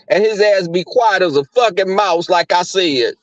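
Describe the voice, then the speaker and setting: A man's voice: sits high, normal speed, few pauses, no room sound, muffled recording. A man telling crude, profane stories to live viewers from his workplace. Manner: crude, animated, frequent laughs and swearing. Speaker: live streamer.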